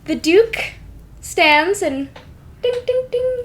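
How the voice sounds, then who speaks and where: Young woman GM, high voice, unhurried, casual storytelling. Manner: relaxed, filler-heavy storytelling. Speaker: game master. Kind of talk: narrating a tabletop game.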